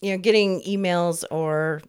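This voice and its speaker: A woman's voice: fairly low pitch, steady tone, a little slow, clear, resonant tone. A woman in her fifties co-hosting a podcast, chatting in a rambling, easygoing way and laughing often. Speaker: podcast co-host. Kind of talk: casual chat.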